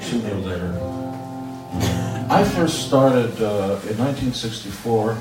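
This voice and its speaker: A musician in his sixties with a lowish, lively voice tells stories to fans unhurriedly between guitar chords, in an event room with an audience. He's joking and blunt with crude asides, and the roomy, distant mic picks up the guitar.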